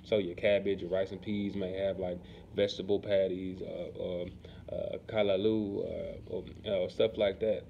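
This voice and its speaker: A man chatting casually to camera in a relaxed, rambling way, often asking "you know what I'm saying". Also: deep voice, moderate pace, vocal fry. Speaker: vlogger. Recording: dull lo-fi sound with faint background noise.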